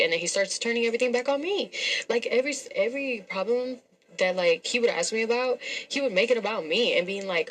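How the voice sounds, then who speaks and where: A woman's voice: mid-range voice, fast, poor audio. A young woman telling a story casually, profane and sassy, acting out the dialogue. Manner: profane, animated, sassy retelling with quoted dialogue.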